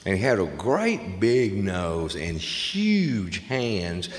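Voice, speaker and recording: A man doing a stand-up comedy set on stage, telling crude stories brashly and getting loud on the punchlines. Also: sits low, huge pitch swings, drawn-out words. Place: stage in a large venue with a live audience. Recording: echoey hall with audience noise.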